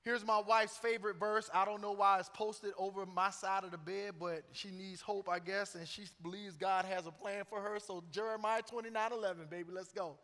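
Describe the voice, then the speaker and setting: A man's voice: high voice, flat delivery, brisk, few pauses, bright, forceful tone. A middle-aged man preaching a sermon as pastor, joking and conversational between emphatic points. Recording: long church reverb.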